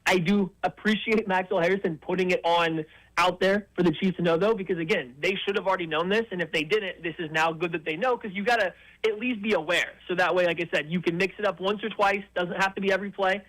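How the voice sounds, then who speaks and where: A man appearing as a guest analyst on sports talk radio, giving quick, confident football breakdowns. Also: sits high, fairly even intonation, fairly bright tone, poor audio.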